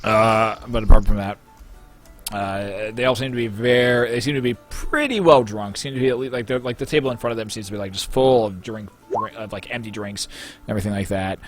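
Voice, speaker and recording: A young man narrating a tabletop game as game master, halting often and restarting his sentences. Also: fairly low pitch. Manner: halting, many fillers and restarts. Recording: faint music behind.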